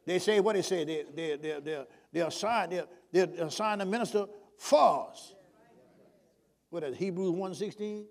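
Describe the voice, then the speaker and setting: A man's voice: sits high, moderate pace, creaky. A male preacher delivering a sermon, prodding the congregation with call-and-response questions.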